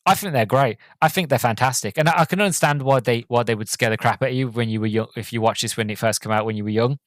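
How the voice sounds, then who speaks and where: An enthusiastic man hosts a casual podcast movie review. He rambles, filling his sentences with ums and likes. His voice sits at an ordinary middle pitch and is recorded close and dry, with no room sound. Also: fast, no echo. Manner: enthusiastic, rambling, many filler words. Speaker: podcast host.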